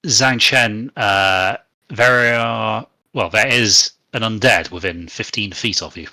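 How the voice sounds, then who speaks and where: A man narrating a tabletop game as game master, with steady descriptive narration. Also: fairly low pitch, takes it slowly, no room sound.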